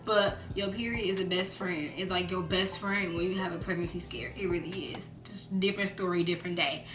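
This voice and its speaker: A young woman chatting casually in a storytime vlog, acting out quotes in lively voices. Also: lowish voice, a little fast. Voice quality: animated, acts out quotes in voices. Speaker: vlogger. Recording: roomy echo with background music.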